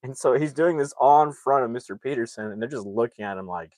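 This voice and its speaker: A man in a casual, rambling recap of a film plot, slipping into quick impressions of the characters as he goes. His voice sits fairly low and comes across dry and close, with no room around it. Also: steady tone, a little mellow, no echo. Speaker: movie reviewer.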